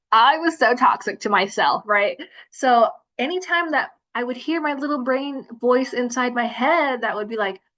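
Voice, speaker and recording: A woman's voice: medium pitch, fairly bright tone. A woman hosting a self-love livestream, chatting casually with lots of fillers and restarts. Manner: chatty, rambling, with many fillers.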